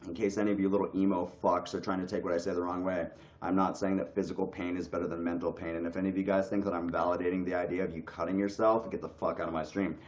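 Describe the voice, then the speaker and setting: A young man ranting bluntly and crudely on a casual livestream, his voice swinging from loud bursts to low mutters. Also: little pitch movement, fast. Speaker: streamer. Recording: echoey room, dull lo-fi sound.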